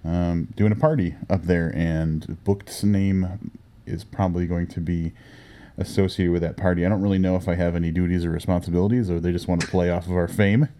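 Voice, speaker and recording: A man's voice: low-pitched, steady tone, fairly quick, mellow. A man hosting a podcast, chatting casually with a rambling delivery full of fillers. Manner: rambling, lots of fillers and laughs. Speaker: podcast host.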